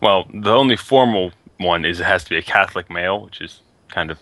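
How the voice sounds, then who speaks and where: A young man co-hosting a podcast in casual chat, halting and drawn out with fillers. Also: low voice, fairly bright tone, dry recording. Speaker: podcast co-host.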